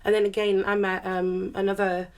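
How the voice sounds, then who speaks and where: A woman speaking on a panel discussion, telling candid stories in a lively way, full of laughter and acted-out quotes. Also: mid-range voice, moderate pace, clean tone. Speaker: panelist, turntablist.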